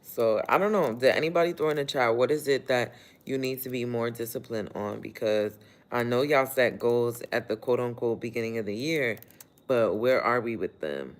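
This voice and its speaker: A man's voice: mid-range voice, normal speed. Chatty motivational man on a livestream. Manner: chatty, motivational, reads viewer comments aloud; talks while working, laughs often. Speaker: livestream host. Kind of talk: casual livestream chat.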